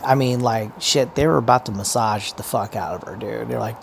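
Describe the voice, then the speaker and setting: A man's voice: medium pitch, a little fast, gravelly, slight background noise. A man giving casual, rambling commentary as a podcaster, profane and meandering, with many restarts.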